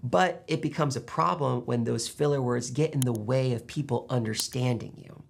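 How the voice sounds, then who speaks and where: A man coaching public speaking to camera, animated as he demonstrates loud and soft delivery. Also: medium pitch, normal speed, vocal fry. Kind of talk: instructional talk to camera.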